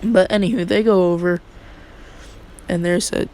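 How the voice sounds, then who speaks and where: A man's voice: high voice, steady tone, moderate pace, darkish tone, rough recording. A young man casually retelling a fan story, rambling and slangy with many fillers.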